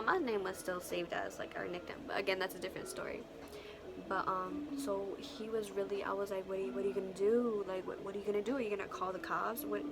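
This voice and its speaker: A young woman vlogger telling a story casually, animated and profane, full of slang and acted-out quotes. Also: medium pitch, background noise.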